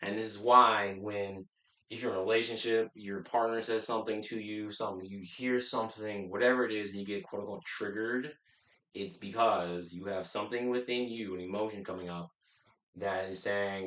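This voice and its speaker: A man's voice: on the low side, fairly even intonation, normal speed, pushed and bright, roomy sound. Blunt, profane male life coach. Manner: blunt, profane, emphatic with many restarts. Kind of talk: casual motivational talk to camera.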